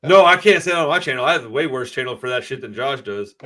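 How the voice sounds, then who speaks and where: A man's voice: medium pitch, animated, fast, a bit bright. A man in casual podcast chat, rambling and swearing freely as he tells stories. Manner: profane, rambling storyteller.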